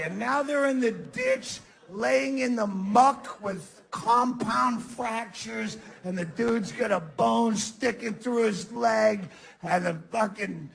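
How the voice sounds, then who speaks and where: A man doing a stand-up comedy set, ranting sarcastically and often breaking into mock shouts. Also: very high-pitched, creaky, poor audio. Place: comedy club stage. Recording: live club recording with audience laughter. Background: audience laughter.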